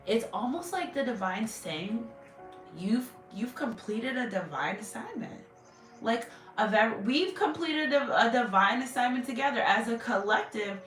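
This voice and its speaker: A woman's voice: mid-range voice, a bit bright. Woman giving a rambling, heartfelt tarot reading. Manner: rambling, heartfelt, many fillers and restarts. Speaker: tarot reader. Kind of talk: casual spiritual tarot reading. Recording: roomy echo, distant mic, faint music.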